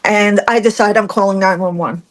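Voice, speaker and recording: Brief: middle-aged woman, podcast guest, lively storyteller, mid-pitched voice, laughs easily. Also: brisk. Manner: animated, acts out quotes, laughs through hard moments. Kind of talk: personal storytelling in conversation.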